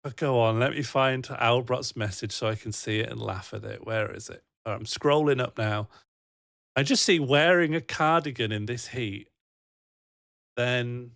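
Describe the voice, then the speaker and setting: Man, young adult, livestreamer, giggly, rambling, playful, mid-pitched voice. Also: moderate pace, creaky, a bit bright. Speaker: livestreamer reading chat. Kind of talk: casual live-stream chat.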